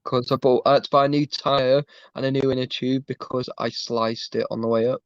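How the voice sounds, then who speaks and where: A man's voice: mid-range voice, level tone, a little fast, clean tone, dry recording, dull audio. Chatty man saying "mate" a lot. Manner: rambling, peppered with "mate". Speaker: streamer. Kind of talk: casual chat.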